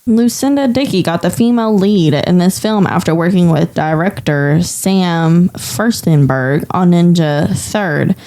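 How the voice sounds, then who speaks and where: A woman's voice: fairly low pitch, a little slow, hardly any pauses, dark tone. A woman co-hosting a casual movie podcast, reading trivia facts and laughing easily with her co-hosts. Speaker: podcast co-host.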